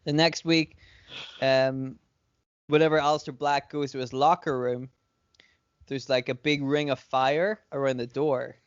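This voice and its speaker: A man with a smooth, clear voice at a middle pitch, rambling through a story on a podcast with plenty of "like"s and swearing. The recording is dry and a little dull. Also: flat delivery, a little slow, no room sound. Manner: rambling, filler-heavy, profane retelling. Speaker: podcast co-host. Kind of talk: casual fantasy-booking storytelling. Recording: dry, slightly dull lo-fi sound.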